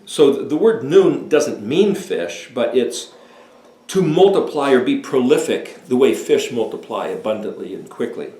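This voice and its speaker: A man in his sixties giving a deliberate, emphatic talk explaining Hebrew words as a home Bible teacher. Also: medium pitch, expressive, warm tone. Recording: echoey room.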